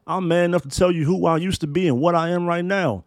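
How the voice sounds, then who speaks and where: A man's voice: high voice, fairly even intonation, fast talker, no room sound. A man in his thirties hosting a solo podcast, talking in emphatic, profane, preacher-like build-ups. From Maryland, US. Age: 30s. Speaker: podcast host.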